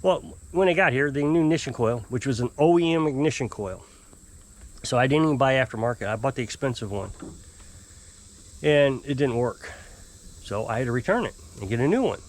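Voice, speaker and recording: A man telling a long, exasperated story to camera in a rambling, casual way. He mimics his customers in high, put-on voices. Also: animated, brisk. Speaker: off-grid homesteader fixing small engines.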